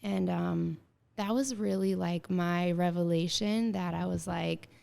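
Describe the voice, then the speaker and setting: A woman around thirty, a guest in an interview, telling her story in a lively way and acting out bits of dialogue, with many filler words. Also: on the low side, measured pace, gravelly. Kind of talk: casual interview conversation.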